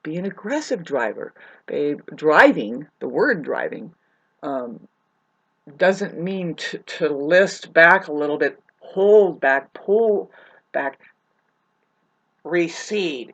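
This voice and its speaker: A woman's voice: low-pitched, lively intonation, slow pace, long pauses, a bit bright. A woman ranting to her viewers in a loose, profane monologue. She rambles, restarts her sentences and calls her listeners "babe". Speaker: vlogger. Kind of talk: rambling spoken rant to camera.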